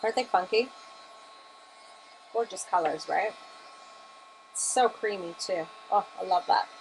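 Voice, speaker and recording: A woman's voice: medium pitch, a little slow, slight background noise. A woman teaching a live-streamed mixed media art class, chatty and enthusiastic as she demonstrates. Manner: chatty and enthusiastic, gushing over colors.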